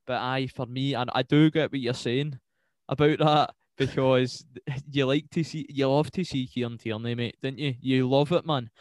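Young Scottish podcast co-host, casual football talk, loose and sweary, dry close sound. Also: male voice, medium pitch, moderate pace, dry recording. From Scotland. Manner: swears freely, rambling and animated.

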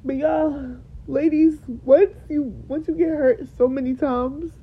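Tearfully sharing a personal story with her podcast audience, a young host repeats herself for emphasis. Her high voice has fairly even intonation and a measured pace, captured on a dull lo-fi recording.

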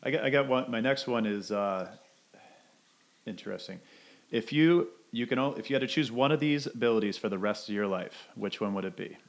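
A man's voice: medium pitch, fairly quick. A man co-hosting a casual podcast, asking playful questions in an upbeat way and laughing easily. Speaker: co-host.

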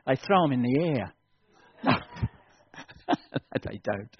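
A man's voice: mid-range voice, expressive, takes it slowly, slight background noise. A man preaching a fervent evening sermon at a church service, building to urgent appeals and repeating his key phrases. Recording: dull lo-fi sound.

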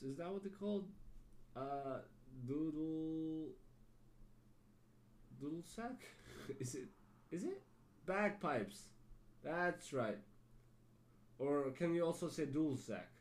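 A man hosting a casual podcast, talking at a mid pitch in a loose, rambling way. He stops and restarts his sentences and often breaks into a laugh. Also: a little mellow. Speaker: podcast host. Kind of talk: casual chat.

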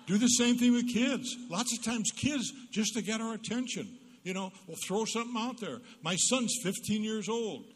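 Husky man joking in a reverberant church hall. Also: sits high, expressive, moderate pace, hardly any pauses. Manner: jokey storyteller who acts out quotes. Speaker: guest speaker, psychologist. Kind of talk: humorous parenting talk at church. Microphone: PA microphone.

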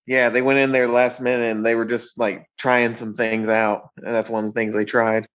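A man's voice: mid-range voice, little pitch movement, moderate pace, a bit bright, clean tone. A man appearing as a guest on a casual movie review podcast, speaking upbeat and plain-spoken.

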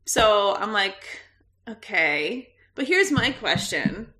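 A woman's voice: medium pitch, takes it slowly. A woman in her thirties, a podcast co-host, telling a story in casual chat with frequent laughs. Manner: animated storyteller, laughs often.

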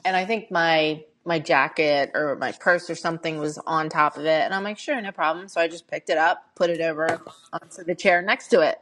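Candid middle-aged woman with a low voice. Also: fairly quick, a bit bright, slight background noise. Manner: candid storytelling with frequent fillers. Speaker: podcast co-host. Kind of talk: casual chat.

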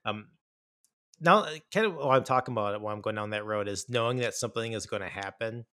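Bright-voiced man chatting about films. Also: on the low side, quick pace, no room sound, studio quality. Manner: rambling, enthusiastic, many fillers and restarts. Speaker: podcast co-host. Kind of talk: casual film chat.

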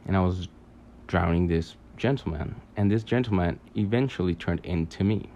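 A man telling a long dream story in a halting, rambling way, full of fillers, restarts and casual swearing. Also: deep voice, dark tone, dull audio, a little hiss or hum. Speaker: podcaster recounting a dream.

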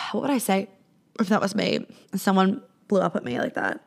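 A woman's voice: medium pitch, big pitch swings, moderate pace, creaky. A woman hosting a live question-and-answer stream, giving blunt, casual advice with plenty of swearing and fillers, acting out sample replies. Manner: acts out quoted replies in a lighter voice. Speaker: host answering viewer questions on a livestream.

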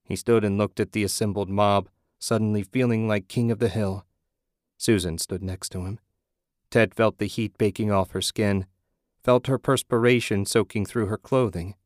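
Low-voiced male audiobook narrator. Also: fairly even intonation, moderate pace, a little mellow, no room sound, clean studio sound. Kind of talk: scripted narration.

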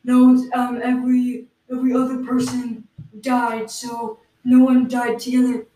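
Flat, mellow-voiced woman co-host. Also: a little high. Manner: flat, halting explanations. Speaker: podcast co-host. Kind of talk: improvised comedy podcast. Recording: roomy, distant mic.

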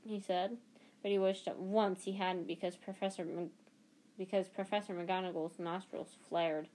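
A woman's voice: on the low side, fairly even intonation, moderate pace, a little mellow. A woman narrating a novel aloud, reading steadily with small restarts and self-corrections.

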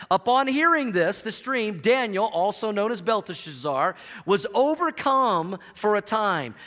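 A man's voice: high-pitched, a bit bright. A middle-aged man preaching a humorous sermon to a church congregation, telling stories and acting out the quotes. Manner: playful, storytelling, acts out quotes. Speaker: pastor. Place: church sanctuary. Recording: long hall reverb.

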